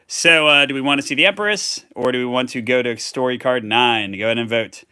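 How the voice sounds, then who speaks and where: A man's voice: mid-range voice, brisk, sharp tone, clean tone, no echo, studio quality. A man hosting a live tabletop game playthrough, reading cards aloud with chatty asides. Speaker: host.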